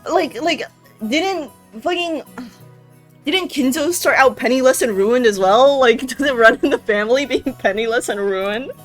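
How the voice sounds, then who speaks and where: Young woman streamer, chatty and joking, slightly high voice, soft music behind. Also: normal speed. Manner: chatty, joking, slangy, laughs often. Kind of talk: casual let's-play commentary, reading a visual novel aloud.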